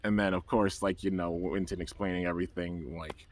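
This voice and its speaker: A man's voice: deep voice, steady tone, a little fast, no echo. Rambling man recapping a cartoon episode. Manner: rambling, loose and enthusiastic, full of "um" and "you know". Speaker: anime episode reviewer. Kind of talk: casual recap.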